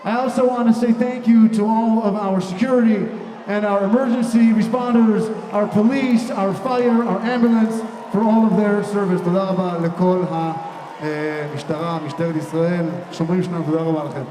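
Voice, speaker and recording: A high-pitched young man emcees a huge live event, shouting cheerful banter through a handheld mic. His voice rings from a distance through a big echoing hall. Music and a loud crowd fill the space behind him. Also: steady tone, fast talker, background noise. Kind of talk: live stage hosting with crowd work. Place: large indoor hall with a big audience. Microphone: handheld microphone.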